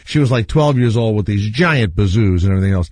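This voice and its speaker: A man's voice: on the low side, quick pace, no room sound, clean studio sound. A middle-aged man hosting a radio show, telling stories in casual chat and laughing often. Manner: animated storyteller, laughs often. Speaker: radio host.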